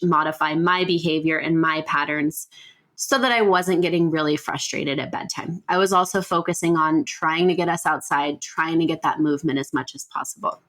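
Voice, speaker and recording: A woman's voice: fairly low pitch, fairly bright tone. A woman in her thirties, hosting a podcast and telling a personal story in a casual, chatty way, with frequent self-corrections. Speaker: podcast host.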